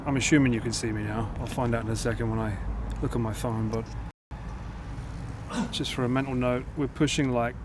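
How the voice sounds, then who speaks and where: A man's voice: mid-range voice, steady tone, a little fast, long pauses, noisy background. A man streaming a game live, joking with chat, swearing and laughing often. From United Kingdom. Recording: game music loud behind. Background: game music.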